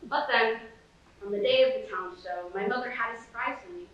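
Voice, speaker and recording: Brief: sardonic washed-up male horse star, played by a teenage girl, higher pitch, heard from afar in a booming hall. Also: a little fast, a bit bright, dull audio, natural voice. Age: late teens. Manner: sardonic, rambling, self-pitying. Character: bitter middle-aged male horse, washed-up sitcom star. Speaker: student competitor. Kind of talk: competitive dramatic monologue. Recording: echoey hall from far off.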